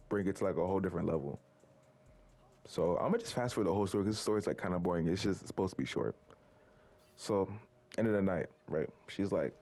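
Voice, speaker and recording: A man's voice: deep voice, creaky, dark tone. A young man in his teens telling a rambling personal story to his viewers, full of likes and restarts. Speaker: vlogger. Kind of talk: casual storytelling to camera.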